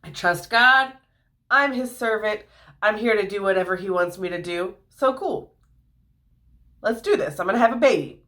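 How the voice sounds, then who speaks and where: A woman's voice: medium pitch, moderate pace, pauses often, fairly bright tone, close to an everyday voice. A woman voicing an earnest, trusting young woman in a storybook retelling. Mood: determined.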